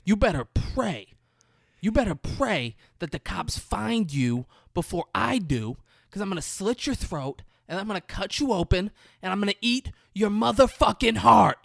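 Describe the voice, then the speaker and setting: A man's voice: sits high, expressive, normal speed, gravelly, fairly bright tone, no echo, studio quality, pitched above the performer's own voice, heavily acted. A man acting out a screaming young thug. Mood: menacing. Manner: screaming, menacing. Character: enraged young male thug shouting threats.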